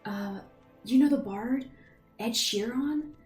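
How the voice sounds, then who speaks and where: A woman voicing a young traveler woman who gushes in a high, breathy half-whisper. It is a tabletop game voice with an airy, excited edge, in an echoey room. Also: slow, faint music behind. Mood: wistful.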